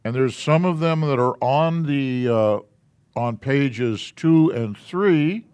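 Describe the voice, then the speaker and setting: Slow patient man teaching a class. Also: mid-range voice, darkish tone, smooth, dry recording. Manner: slow, patient, explaining step by step. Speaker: Hebrew alphabet teacher. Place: church classroom.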